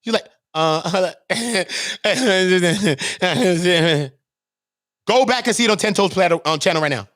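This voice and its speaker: Animated, heated New York man ranting. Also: high-pitched, rapid-fire, few pauses, dry recording, clean studio sound. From Brooklyn, New York. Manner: animated, repetitive, profane, acts out quoted voices. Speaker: channel host. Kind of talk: heated livestream rant.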